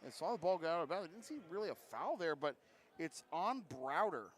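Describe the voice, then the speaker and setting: A man giving live play-by-play commentary on a college basketball game, getting louder and more excited on big plays. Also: on the high side, brisk, slight background noise.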